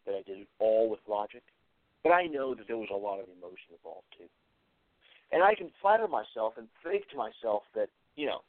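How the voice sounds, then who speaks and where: A man's voice: mid-range voice, dry recording. A man hosting a show, speaking in an earnest, reflective solo monologue, with short repeated phrases and frequent hesitations. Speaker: host of an atheist commentary show. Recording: tinny phone-like sound, dry.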